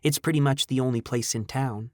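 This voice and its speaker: A man voicing a chatty, friendly young woman who talks quickly and breezily. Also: mid-range voice, darkish tone, dry recording, studio quality, natural voice.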